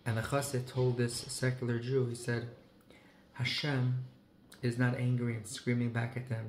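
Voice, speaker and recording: A man's voice: medium pitch, little pitch movement, normal speed. A man in a middle register telling a story with feeling, his voice leaning hard on key words and mixing in Hebrew and Yiddish phrases. The room rings around him with a roomy echo. A faint hum of ambience sits underneath. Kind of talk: heartfelt storytelling talk.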